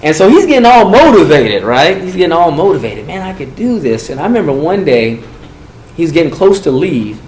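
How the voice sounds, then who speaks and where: A man speaking to a group about gang and drug prevention, telling a story and acting out the quotes with big swings in voice. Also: a little fast. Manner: animated, acts out quotes with swings in pitch and volume. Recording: echoey room with faint noise.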